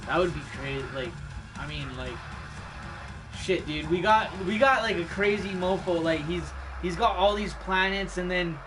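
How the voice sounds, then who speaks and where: High-voiced man rambling over music. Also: fairly bright tone. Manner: laid-back, swears a lot, laughs often. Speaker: streamer. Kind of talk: casual rambling chat. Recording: music playing in the background.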